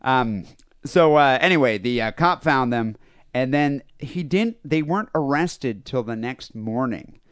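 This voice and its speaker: Man, podcast co-host, crude joking banter, medium pitch, dry close sound. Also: animated, measured pace, clear, resonant tone, dry recording. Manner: crude, joking, reads out a news story with lots of fillers. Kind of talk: casual comedy podcast chat.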